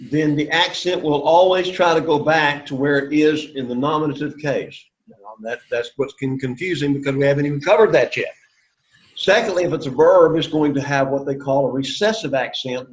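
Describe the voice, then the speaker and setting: A man's voice: on the high side, muffled recording. Emphatic male Greek teacher lecturing. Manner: emphatic, repeats key points, talks to students. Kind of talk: classroom lecture. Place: classroom.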